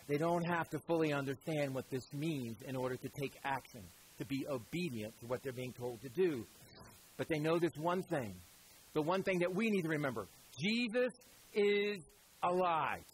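A pastor preaching to his congregation in an animated, conversational way, with a Southern American lilt. His voice sits high for a man and has a husky edge, and he drops to quiet, emphatic lines for weight. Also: low-quality recording. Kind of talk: sermon.

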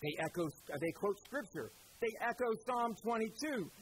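A man preaching a sermon, pausing for effect and repeating phrases for emphasis. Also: high voice, lively intonation, a little hiss or hum, low-quality recording.

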